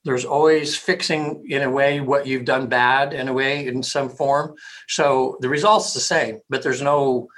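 Man, hypnotherapist, casual interview, rambling, keeps clearing throat. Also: medium pitch, steady tone, unhurried, fairly bright tone, rough recording.

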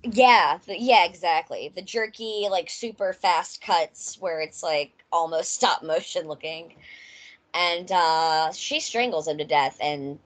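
A woman's voice: on the low side, slow pace. A woman from Mississippi with a Southern American accent, hosting a podcast and casually retelling a film plot with lots of fillers. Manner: loose, filler-heavy storytelling. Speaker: podcast host. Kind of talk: casual chat recapping a film.

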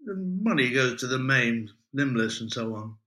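A man's voice: medium pitch, animated, moderate pace, bright, forceful tone. A man voicing a brash, pompous young male English teacher who talks in a grand, theatrical way. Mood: lecturing.

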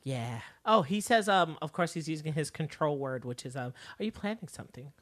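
Low-voiced, expressive woman co-host. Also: a little fast. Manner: retells scenes by quoting characters, with fillers and laughs. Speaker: podcast co-host. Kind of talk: casual TV recap chat.

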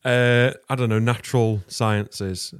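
A man co-hosting a podcast, reading out odd news stories with dry, deadpan banter. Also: mid-range voice, slow, clear, resonant tone, no room sound. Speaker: podcast co-host.

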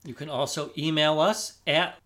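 A man with an American accent co-hosting a history podcast, talking in a relaxed, thinking-aloud way. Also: fairly high pitch, normal speed. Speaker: podcast co-host. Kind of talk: casual history podcast chat.

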